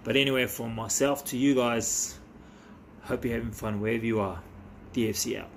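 A man talking casually as a vlogger while opening trading cards, excitable and chatty with quick bursts of delight. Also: medium pitch, gravelly, a little hiss or hum. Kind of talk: casual chat.

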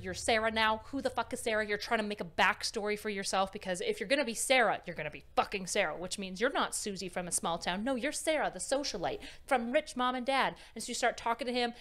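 A woman's voice: a little high, a bit bright. A young woman telling a story in a casual, emphatic way with some swearing, explaining anxiety. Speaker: speaker on anxiety. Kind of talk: animated storytelling talk.

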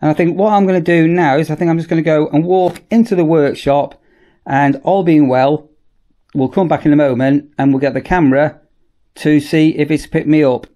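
A man giving a casual, chatty product demonstration in a workshop, often repeating "as I say" and pausing on ums. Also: a little high, fairly even intonation, dark tone, highs cut off. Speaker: product reviewer.

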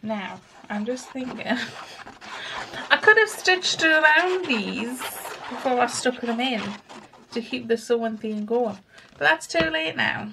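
A woman's voice: on the high side, expressive, slow pace. A woman chatting casually through a crafting tutorial, thinking aloud and poking fun at herself as she works. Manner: chatty, self-mocking, thinks aloud while working. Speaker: crafting vlogger. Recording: home recording with clear background noise.

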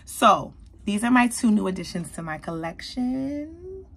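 A woman beauty vlogger, likely in her thirties, reviewing a perfume in an animated, chatty way and talking straight to her viewers. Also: mid-range voice, unhurried, creaky, breathy edge. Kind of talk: casual product review.

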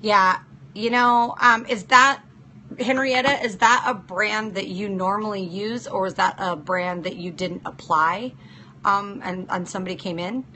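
A woman's voice: mid-range voice, fairly even intonation, unhurried, bright, forceful tone, a little hiss or hum. A woman hosting a casual live-stream chat as a nail technician, practical and chatty, answering viewers by name. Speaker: nail technician and show host.

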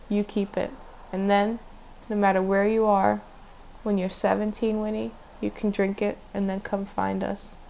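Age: teen boy. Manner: folksy, hushed urgency. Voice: gravelly edge , a woman reading. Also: mid-range voice, rough recording. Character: earnest country teenage boy, urgent.

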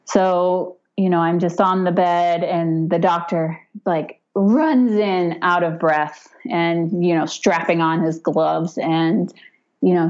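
Woman in her 30s, casual storyteller, lowish voice, animated, fillers; dull lo-fi audio. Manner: animated, acts out quoted voices with raised pitch, frequent fillers and laughs. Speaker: podcast guest telling her birth story.

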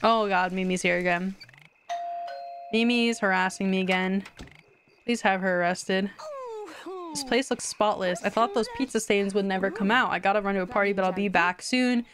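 A woman's voice: medium pitch, normal speed. Giggly young woman streaming a game. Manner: chatty and giggly, reacting aloud to the game; excited squeals at wins. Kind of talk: live game commentary.

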